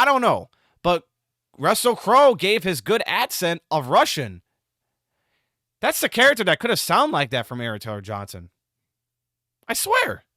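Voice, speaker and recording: Guy rambling through a movie review, bouncy pitch, lots of restarts, dry close sound. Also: sharp tone, no echo. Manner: rambling and exasperated, with many restarts. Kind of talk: casual spoken movie review.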